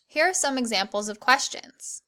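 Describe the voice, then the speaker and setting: Woman teacher, online lesson, fairly high voice, bright tone, encouraging and clear. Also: animated. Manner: clear, encouraging, reads example sentences slowly. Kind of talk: online grammar lesson for children.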